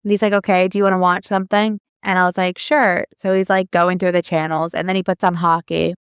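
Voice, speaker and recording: A woman in her thirties tells a personal story on a podcast with a smooth, somewhat low voice. She chats loosely, packs in fillers and acts out what each person said. The sound is dry and close. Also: flat delivery, fast, dry recording. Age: 30s. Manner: chatty, lots of fillers, quotes people in her story. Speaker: podcast co-host. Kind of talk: casual storytelling.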